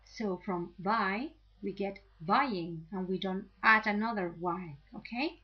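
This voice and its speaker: A woman gives an English grammar lesson at an unhurried, deliberate pace. She is patient and keeps checking in with her listeners by asking "okay?". The recording is slightly dull and lo-fi. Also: mid-range voice, slightly rough. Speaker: English teacher.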